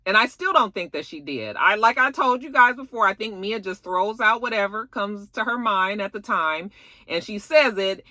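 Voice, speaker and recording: Animated, sassy woman vlogger. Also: medium pitch, moderate pace, no echo. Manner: animated, acts out quotes dramatically; chatty, colloquial and sassy. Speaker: reality TV recap vlogger. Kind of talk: casual recap vlog.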